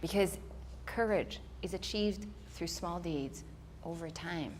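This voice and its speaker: Animated woman giving a motivational talk. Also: on the low side, takes it slowly, slight background noise. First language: not English. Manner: animated storytelling, acting out her own inner voice. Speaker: speaker. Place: event hall before a live audience.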